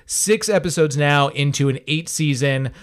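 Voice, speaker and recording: A man's voice: fairly high pitch, moderate pace. A man co-hosting a podcast, chatting casually and with lots of energy about a TV show, often restarting his sentences. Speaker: podcast co-host. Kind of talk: casual review chat.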